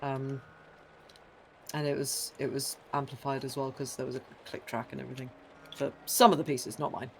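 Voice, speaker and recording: A man co-hosting a casual stream chat, telling a story lively and acting out the people he quotes, heard over a remote voice call. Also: medium pitch, moderate pace, vocal fry, slight background noise. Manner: animated storyteller who acts out quoted people. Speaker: co-host and trumpet player.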